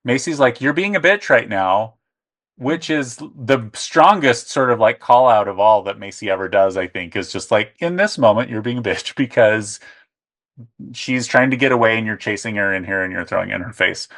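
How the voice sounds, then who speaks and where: A man co-hosting a casual podcast chat, animated and acting out the quotes he tells in exaggerated voices. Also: fairly low pitch, normal speed. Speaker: podcast co-host.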